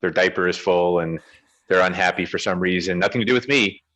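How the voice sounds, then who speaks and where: A man's voice: low voice, a little fast, fairly bright tone, lo-fi sound. A man co-hosting a podcast over a video call, questioning ideas and often restarting his sentences. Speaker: podcast co-host.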